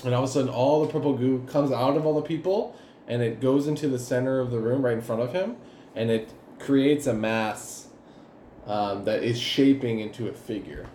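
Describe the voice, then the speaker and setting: A man's voice: medium pitch, normal speed, mellow. A man narrating as the game master of a tabletop game, loose and rambling, laughing often. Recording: roomy echo, faint background noise.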